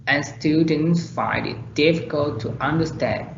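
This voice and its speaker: A young man with a Vietnamese accent reading a class presentation slowly and deliberately. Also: fairly high pitch, steady tone, slight background noise. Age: young adult. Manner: slow, deliberate reading of examples. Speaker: student presenter. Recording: echoey dull lo-fi room recording.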